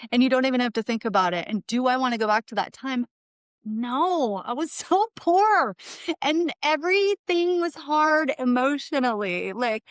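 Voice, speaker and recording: A woman's voice: a little high, no echo. A middle-aged woman hosting a podcast, talking in a chatty, rambling way full of "like" and asides. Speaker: podcast host. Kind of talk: casual solo podcast monologue.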